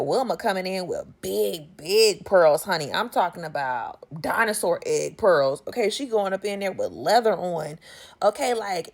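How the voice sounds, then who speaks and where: A woman, casually recapping a movie in a sassy, animated way. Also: medium pitch. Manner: sassy, animated storytelling with slang.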